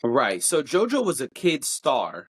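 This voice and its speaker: A podcast co-host in casual, animated chat, teasing and opinionated. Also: unhurried, breathy edge. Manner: animated, jumps pitch to mimic singers.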